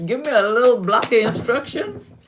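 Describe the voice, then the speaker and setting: A woman's voice: on the high side, lively intonation, a little hiss or hum. A woman from Guyana giving astrology readings to viewers on a live stream, affectionately calling them darling. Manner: affectionate, calls viewers darling, slow and drawn-out.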